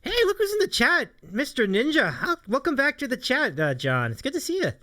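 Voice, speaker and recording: Upbeat and enthusiastic, a man co-hosts a casual live-streamed talk show, often repeating himself. His voice is extremely high with huge swings in pitch, fairly quick, pushed and bright.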